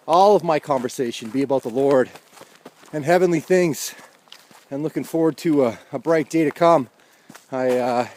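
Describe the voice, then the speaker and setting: A man's voice: mid-range voice, a little mellow. A man vlogging outdoors in a casual, rambling monologue with wry, chuckled asides.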